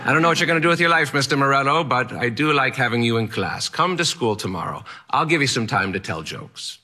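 A man's voice: mid-range voice, animated, fast, pushed and bright, pitched above the performer's own voice. A man voicing an eccentric old male Latin teacher with a strange, oddly accented delivery, blunt and theatrical but fond. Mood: encouraging.

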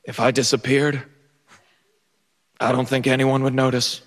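A man's voice: medium pitch, flat delivery, a little slow, in a large hall, slight background noise. A young man telling a funny personal story on stage, stammering through restarts and laughing at himself. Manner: stammering restarts, self-mocking, often laughing. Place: theater stage.

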